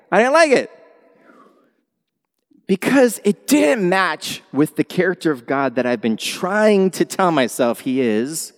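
A male pastor preaching a sermon in a church, animated, swinging from quiet asides to loud exclamations. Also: sits high. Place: church sanctuary. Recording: long hall reverb.

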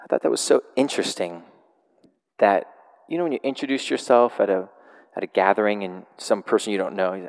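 A man preaching a sermon, retelling a scripture story in a casual, animated way with frequent laughs. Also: fairly low pitch, fairly quick, vocal fry, big-room sound. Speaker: pastor.

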